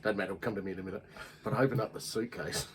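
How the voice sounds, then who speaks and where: A man's voice: deep voice, fairly even intonation, rapid-fire, slight background noise, rough recording. A man with an Australian accent, telling crude, laughing anecdotes in a casual chat.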